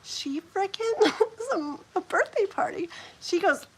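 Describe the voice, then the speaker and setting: A middle-aged woman hosting a live stream, telling a personal story in a casual, animated way, laughing often and filling her speech with "like". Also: very high-pitched, moderate pace, background noise. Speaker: host of a live challenge stream.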